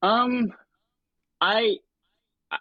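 Casual dude in his thirties, talking about his stage career, lots of um and like, flat dry room. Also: high-pitched, extremely slow, no room sound, highs cut off. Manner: hesitant, lots of fillers and restarts, animated when quoting himself. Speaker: interview guest, stage and television performer. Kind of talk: relaxed conversational storytelling.

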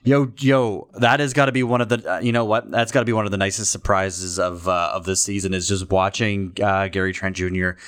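A man's voice: low-pitched, steady tone, fairly quick, hardly any pauses, a bit bright, smooth. A young man co-hosting a podcast, chatting loosely about basketball with lots of fillers and laughs. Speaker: podcast co-host. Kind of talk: casual sports chat.

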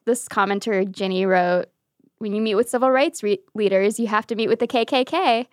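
A woman's voice: medium pitch, dry recording, studio quality. Wry woman podcast co-host. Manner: brisk, explanatory, wry. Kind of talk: casual political chat.

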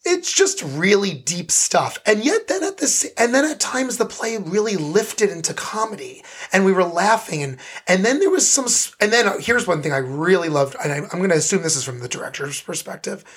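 Man, podcast co-host, husky voice, enthusiastic, restarts often, casual review chat. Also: high-pitched, very animated, normal speed, few pauses, fairly bright tone. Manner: enthusiastic, thoughtful, many restarts.

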